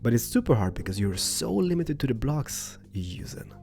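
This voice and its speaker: A young man hosting a casual building tutorial, rambling playfully with loud bursts and a voice that is wearing thin. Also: medium pitch, very animated, moderate pace, vocal fry. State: losing his voice. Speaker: host. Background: background music.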